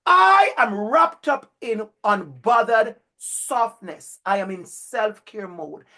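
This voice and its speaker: A man giving a lively storytelling talk to future educators. He repeats his phrases and speaks to listeners by name. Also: high voice, slow pace. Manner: animated, repetitive, speaks directly to listeners by name.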